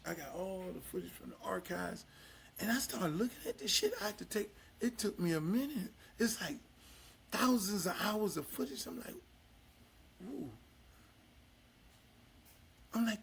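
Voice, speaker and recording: An older man hosting his own podcast, with a high, bright, forceful voice. He talks loud and profane, then drops to low, confessional asides. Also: vocal fry, slight background noise. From Miami, United States. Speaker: podcast host. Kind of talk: casual profane talk-show monologue.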